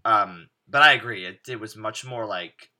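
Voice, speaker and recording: Bright-voiced rambling male podcast host. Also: fairly low pitch, moderate pace. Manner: rambling, many "like" fillers, animated quoting. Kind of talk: casual chat.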